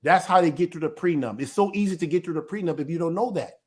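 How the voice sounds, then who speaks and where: A man with a notably high speaking voice talks straight to his viewers in a loose, informal teaching style. He is an elder of a small ministry and speaks emphatically. He keeps asking a question and then answering it himself. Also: quick pace, darkish tone, breathy edge.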